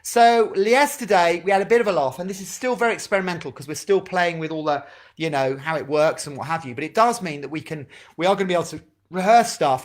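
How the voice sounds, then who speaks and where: Chatty man leading drama club games. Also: high voice. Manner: chatty, encouraging, fumbling with setup. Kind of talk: leading a charades game over video call. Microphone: video call.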